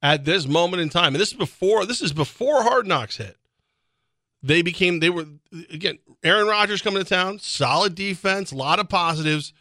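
A man co-hosting sports radio in a chatty, rambling way, with quick laughing asides. His voice is bright and forward, and it sits in a tight, dry studio with no room sound. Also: high-pitched, expressive, no room sound. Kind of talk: casual sports radio talk. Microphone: studio microphone.

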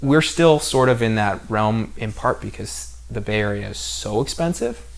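A man's voice: lowish voice, animated, moderate pace, vocal fry. A man from San Diego in casual podcast conversation, talking in long rambling runs full of fillers and restarts. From San Diego, California.

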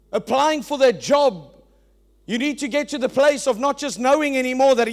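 A man preaching a sermon as pastor, emphatic and swinging between loud declarations and quiet asides. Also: very high voice, moderate pace.

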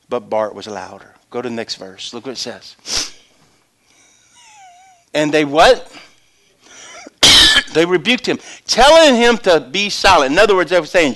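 A middle-aged man preaching a sermon, acting out voices and swinging from hushed asides to shouts. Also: medium pitch. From Louisiana.

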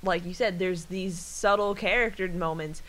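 A woman co-hosting a podcast in casual chat, animated, acting out little voices and laughing often. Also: fairly low pitch, moderate pace. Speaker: podcast co-host.

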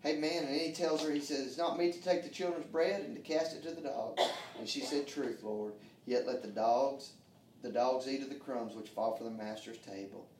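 A man's voice: medium pitch, normal speed, darkish tone, echoey room, recorded from a distance, slight background noise. A man preaching a sermon in a church, fervent and folksy, calling out to the congregation for answers. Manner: fervent preaching with call-and-response, folksy grammar. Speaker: pastor. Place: church sanctuary.

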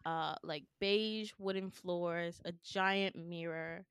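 A young woman co-hosting a casual chat podcast, recounting a dream with lively storytelling and acted-out voices. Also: fairly low pitch, slow, clear, resonant tone, no echo, studio quality. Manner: animated storytelling, acts out quoted voices, laughs often.

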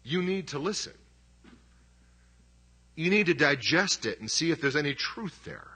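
A man's voice: on the high side, expressive, moderate pace, sharp tone, husky. A middle-aged man preaching a sermon as pastor, conversational and emphatic, with self-deprecating humor.

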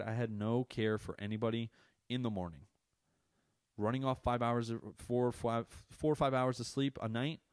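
A man's voice: lowish voice, no echo, studio quality. A man hosting a podcast, talking casually about being a parent and ranting in an exasperated, profane way. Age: adult parent. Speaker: podcast host. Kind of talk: casual monologue.

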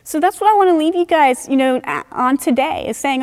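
A woman's voice: high voice, very animated, moderate pace, few pauses, darkish tone, big-room sound. A woman preaching a sermon in an earnest, conversational way, often saying "you know" as she explains scripture.

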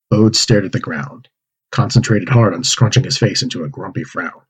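A man with a low, husky voice reads a children's story aloud. He performs the dialogue and animal noises with lively storybook expression, husky texture throughout. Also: moderate pace, muffled recording. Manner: acts out pig oinks and character lines. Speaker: narrator reading a manuscript aloud.

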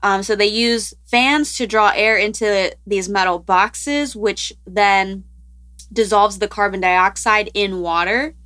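A woman co-hosts a podcast, walking through science stories in a loose, rambling way and laughing often. Her voice is bright and ringing, pitched in the middle for a woman. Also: slow pace. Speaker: podcast co-host presenting science news. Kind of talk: casual podcast chat.

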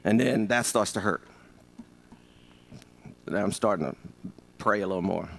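A man in his fifties preaching a sermon as pastor, animated and joking, calling on the congregation to answer. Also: fairly low pitch, measured pace, vocal fry. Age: 50s.

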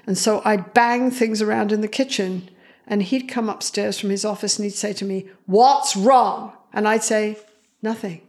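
A woman psychologist, a guest in an interview, telling stories and acting out the voices of the people in them. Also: medium pitch. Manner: animated, acts out quoted voices. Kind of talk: storytelling in an interview.

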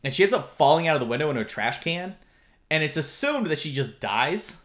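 A man's voice: a little high, very animated, a little fast, fairly bright tone. A man co-hosting a podcast, casually retelling a movie plot in a rambling, profane way with bursts of laughter. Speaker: podcast co-host. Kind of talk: casual movie review chat.

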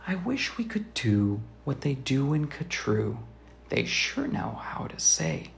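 A man's voice: fairly high pitch, big pitch swings, unhurried, vocal fry, a little hiss or hum. A man reading a rhyming children's book aloud as a father, in a sing-song rhythm that often drops to a whisper. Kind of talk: storybook read-aloud.

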